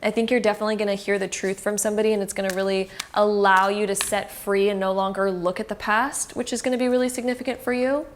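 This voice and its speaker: A woman's voice: mid-range voice, level tone, fast talker, few pauses, a little hiss or hum. A woman giving a casual, reassuring tarot card reading, speaking straight to the viewer with frequent fillers.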